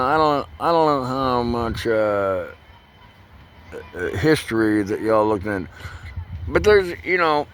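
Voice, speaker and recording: A man, rambling through a profane, loose vlog monologue that swings between loud bursts and low mutters. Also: slight background noise. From United States. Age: 60s. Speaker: vlogger.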